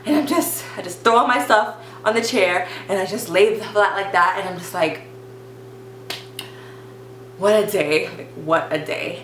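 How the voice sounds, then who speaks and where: A young woman vlogger telling a storytime in casual chat, with constant "like" fillers and an animated retelling. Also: on the low side, a little hiss or hum. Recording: echoey room.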